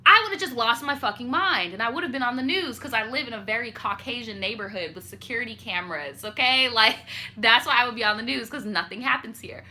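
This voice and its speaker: Young woman host, bright and punchy, animated and petty storytelling with lots of swearing. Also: fairly high pitch, fairly quick. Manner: animated, petty and profane, laughing asides. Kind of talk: casual chat reading viewer stories.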